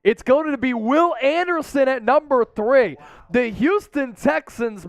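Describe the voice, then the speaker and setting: A man hosting a live sports draft stream, talking straight to his chat in an excitable, casual way. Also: extremely high pitch, dry recording. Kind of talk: live-stream commentary, chatting with viewers.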